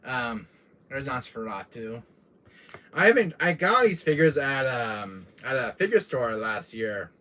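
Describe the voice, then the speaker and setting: A man's voice: mid-range voice, sing-song, a little slow, a bit bright. A young man chatting casually on a live stream, rambling with lots of fillers and restarts. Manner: rambling, many fillers and restarts, laughs often.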